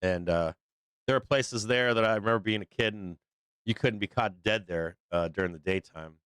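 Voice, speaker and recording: A Boston man hosts a live stock market show in a casual livestream chat, his voice on the low side, a bit bright, and moderately paced. He rambles off the cuff, swearing and using plenty of fillers, and the tone is clean with no echo.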